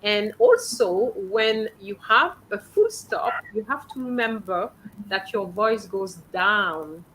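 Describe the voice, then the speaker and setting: A woman's voice: mid-range voice, lively intonation, slow, fairly bright tone, a little hiss or hum, rough recording. Patient French teacher woman correcting pronunciation. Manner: patient, corrective, checks understanding with frequent "okay?". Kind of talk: coaching students on reading aloud.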